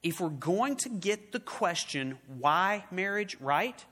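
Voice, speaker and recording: A man preaches in a high, ringing voice, pushing the congregation with rhetorical questions. He swings between urgent, louder lines and quiet, hushed ones. His voice carries a long reverb from a large hall. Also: lively intonation, slow pace. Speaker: pastor. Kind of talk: sermon.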